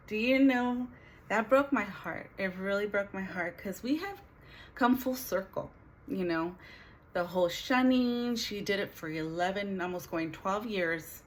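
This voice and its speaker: A middle-aged woman vlogging, telling a painful family story in an earnest, halting way with many restarts. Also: medium pitch, fairly bright tone, slight background noise. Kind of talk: emotional personal storytelling.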